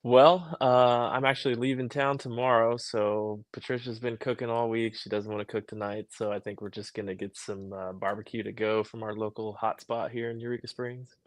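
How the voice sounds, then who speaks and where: A young man chatting as a podcast guest in a relaxed, thoughtful way that trails off. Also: medium pitch, moderate pace, few pauses, no room sound. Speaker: podcast guest, motorcycle racer. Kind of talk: casual chat.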